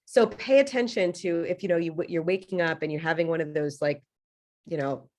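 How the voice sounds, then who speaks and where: A woman's voice: fairly low pitch, fairly quick, darkish tone. A woman grief coach talking on a video call as an interview guest, earnest and encouraging with emphatic stresses. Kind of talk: casual interview chat.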